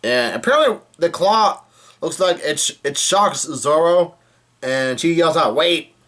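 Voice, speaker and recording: A man casually recapping a comic chapter, halting often with fillers and restarts. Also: on the high side, lively intonation, fairly bright tone. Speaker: manga reader recapping a chapter.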